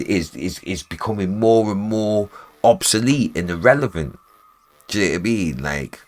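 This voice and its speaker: Deep-voiced man ranting. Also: a bit bright. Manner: heated, swearing, repeats himself. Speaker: music producer streaming live. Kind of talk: casual livestream rant. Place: home studio.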